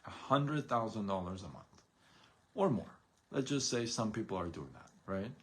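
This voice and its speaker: A man's voice: on the low side, lively intonation, moderate pace, a bit bright. A man hosting a live stream on side gigs, talking casually and motivationally, firing off rhetorical questions and acting out imagined quotes.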